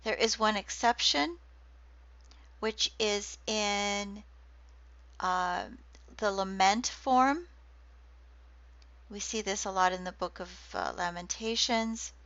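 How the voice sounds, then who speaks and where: Woman lecturer, slow measured delivery, dull lo-fi recording. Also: medium pitch, a bit bright, dry recording. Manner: slow, deliberate, reads quoted verse slowly.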